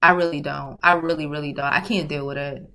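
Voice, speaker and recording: A woman's voice: deep voice, fairly even intonation, brisk, pushed and bright. A woman hosting a casual livestream, talking bluntly and profanely and often laughing as she answers viewer comments. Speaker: livestream host.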